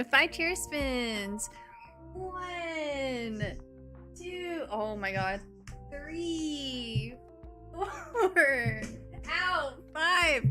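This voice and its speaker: A woman's voice: sits high, big pitch swings, extremely slow, sharp tone, faint music behind. A woman live-streaming a game, chatting casually in a giggly, playful, self-mocking way.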